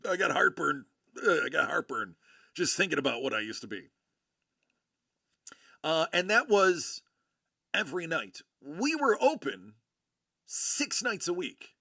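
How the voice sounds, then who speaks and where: A man's voice: fairly high pitch, sing-song, measured pace, gravelly, long pauses, sharp tone, no room sound, studio quality. A man in his forties from Buffalo, New York, hosting a live show and telling rambling stories with lots of fillers and restarts. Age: 40s. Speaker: host of a collectibles live show. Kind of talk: casual live-stream chat.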